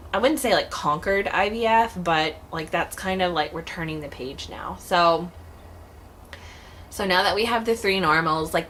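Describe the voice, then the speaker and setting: Addressing her vlog audience casually, this thirty-something woman rambles warmly and sincerely. She has a lowish, fairly bright voice, and the clip carries slight hiss or hum.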